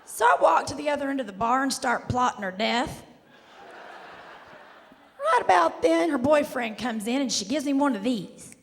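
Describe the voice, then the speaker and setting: On a large theater stage, a Kentucky woman with a Southern accent delivers a sassy stand-up set in a constantly raspy, hoarse voice. She drawls, pitches high with big swings, keeps a moderate pace, and lets out loud bursts at the crowd. The live recording carries hall echo and faint noise.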